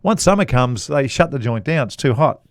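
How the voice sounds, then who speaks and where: A middle-aged Australian man unspools a meandering golf story, pausing and restarting and chuckling as he goes. His voice sits in a middle register. The sound is close and dry. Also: mid-range voice, animated, dry recording. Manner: rambling anecdotal storyteller, chuckles often. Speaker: podcast co-host, golf commentator. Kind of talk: casual storytelling chat.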